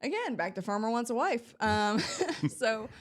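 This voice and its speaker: A woman's voice: on the high side, sing-song, unhurried. A young woman from Central Florida, a podcast guest, telling rambling stories in casual chat and laughing often. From Central Florida, USA.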